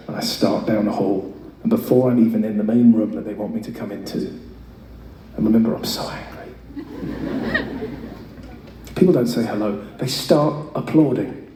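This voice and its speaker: A man's voice: lowish voice, moderate pace, long pauses, a faint crowd, slight background noise. Echoey live stage story from a man. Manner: chatty, self-mocking, swears freely. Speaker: singer performing live. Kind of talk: on-stage storytelling between songs. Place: large concert venue, in front of an audience. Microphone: stage mic through a PA. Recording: echoey, distant audience recording with loud ambience.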